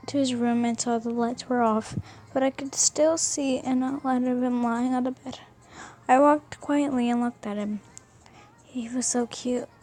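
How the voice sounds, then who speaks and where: A woman's voice: high-pitched, dark tone. A young woman casually reading a fan fiction story aloud, often stumbling and rereading words.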